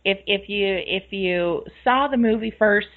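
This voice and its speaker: A woman's voice: mid-range voice, unhurried. A woman with a Midwestern American accent hosting a podcast interview in a casual, earnest way, often restarting her sentences. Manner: earnest, repeats words when starting sentences. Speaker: podcast host. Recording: dull lo-fi audio with faint music.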